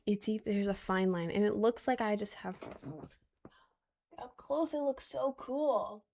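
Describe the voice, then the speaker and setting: A woman's voice: mid-range voice, a little mellow, slight background noise. A woman of twenty chatting casually on a stream, answering viewer questions in a rambling, giggly way with lots of restarts. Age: 20s.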